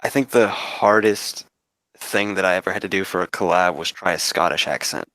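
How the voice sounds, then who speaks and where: A man chatting casually on a livestream, laid-back and quick to laugh, swearing freely. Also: low voice, sharp tone, no room sound.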